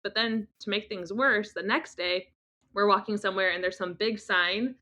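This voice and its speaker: A woman's voice: medium pitch, steady tone, normal speed, pushed and bright. A woman from Northern California, a podcast guest telling a funny story in casual chat. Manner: bubbly storytelling, quotes herself.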